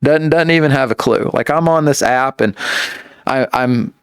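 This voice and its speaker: A man as a podcast guest in casual conversation, earnest and talking in halting, repeated starts. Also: mid-range voice, smooth, no echo, clean studio sound.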